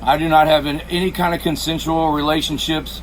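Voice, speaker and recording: A man's voice: on the high side, steady tone, brisk, noisy background. A man hosting a confrontational phone call, repeating mocking, sarcastic questions. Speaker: channel host making a phone call.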